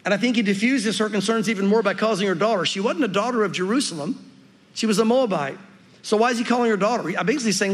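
A man's voice: sits high, quick pace. A man preaching a sermon as a pastor in a church, conversational and earnest, acting out the people in the story. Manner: conversational, earnest, acts out quotes. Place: church sanctuary. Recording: long reverb of a church hall.

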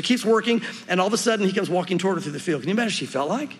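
Fast-talking high-voiced man preaching. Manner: conversational, earnest, acts out quotes. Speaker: pastor. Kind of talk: sermon. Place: church sanctuary. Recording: long reverb of a church hall.

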